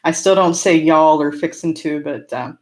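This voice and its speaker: With a deep voice at normal speed, a woman from California hosts a casual live-stream Q&A for her homesteading channel. A slight rural American twang colors her speech as she responds to chat cheerfully and talkatively, laughing often between remarks.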